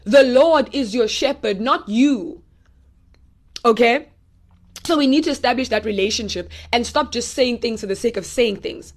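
A young woman with a slightly high voice gives a casual Bible teaching online. She speaks in a direct, animated way, addressing her listeners as y'all and pressing her points home. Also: normal speed.

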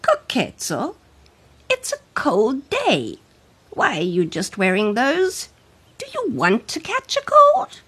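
A woman voicing a caring but firm old grandmother in a children's story, speaking slowly and scolding gently. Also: high-pitched, wildly swooping pitch, breathy edge, pitched above the performer's own voice, full character voice.

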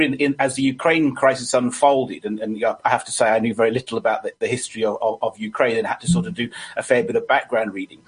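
A middle-aged British man, a political commentator, talking as a guest with many halting restarts. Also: mid-range voice, husky, poor audio. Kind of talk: radio talk show guest.

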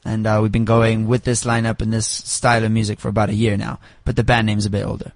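A man's voice: lowish voice, monotone, quick pace, dry recording. A man from South Africa, the frontman of a band, answering radio interview questions in an easygoing, teasing way with lots of fillers. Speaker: band frontman, singer and guitarist. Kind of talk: casual interview. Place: radio studio.

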